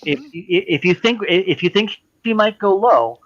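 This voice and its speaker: A man's voice: high-pitched, expressive, moderate pace, a bit bright, muffled recording. A man hosting a party game on a video call, explaining the rules and laughing often. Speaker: host.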